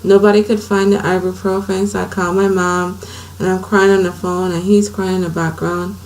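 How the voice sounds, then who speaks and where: Low-voiced woman telling her story. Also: flat delivery, moderate pace, low-quality recording. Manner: earnest, conversational, drifts softer at times. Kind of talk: personal storytelling to camera.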